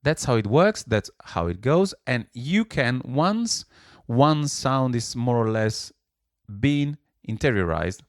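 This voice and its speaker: Male singing teacher, slow and smooth, demonstrates between explanations, dry close sound with faint piano. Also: medium pitch, big pitch swings, no echo. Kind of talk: vocal lesson with sung exercises.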